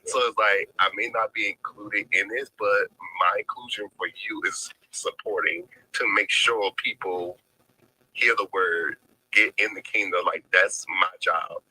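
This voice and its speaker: A man with a low, husky voice and a very sharp, bright edge. He speaks haltingly and earnestly on a faith live stream, full of fillers, and sounds close to tears. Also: low-quality recording. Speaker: guest. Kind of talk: heartfelt faith conversation.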